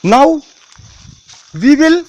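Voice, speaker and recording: A man, talking to camera in a halting, repetitive way that keeps restarting phrases. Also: very high-pitched, very animated, darkish tone, muffled recording. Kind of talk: rambling talk to camera.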